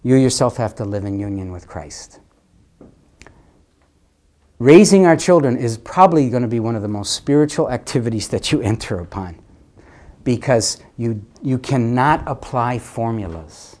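Male preacher, sermon, middle-pitched voice, lively delivery, loud and hushed swings, repeated words. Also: normal speed.

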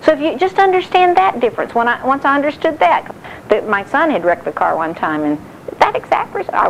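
A middle-aged woman giving a sermon-style talk on marriage, animated and acting out quotes. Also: high-pitched, brisk, slight background noise, rough recording. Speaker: speaker on marriage.

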